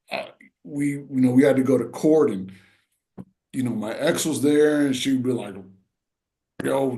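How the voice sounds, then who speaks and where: A middle-aged man speaks in a casual podcast chat. He tells his story with heartfelt emotion and rambles, leaning on little check-ins with his listeners. His voice sits at an ordinary pitch for a man. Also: gravelly, a little mellow. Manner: rambling, full of "you know" and "right". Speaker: podcast co-host.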